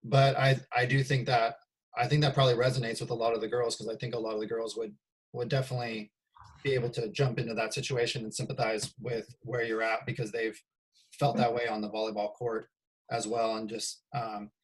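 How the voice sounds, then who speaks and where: A man, a volleyball coach, interviewing a former player in a measured, reflective way, with some "um" and "you know". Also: mid-range voice, flat delivery. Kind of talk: casual interview talk.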